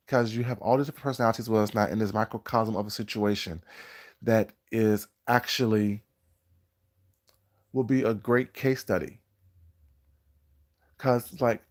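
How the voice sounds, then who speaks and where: A man hosting a live stream, talking in a groggy morning voice in a drawn-out, preachy way and greeting viewers in the chat. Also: on the low side, a little mellow. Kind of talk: casual live-stream commentary.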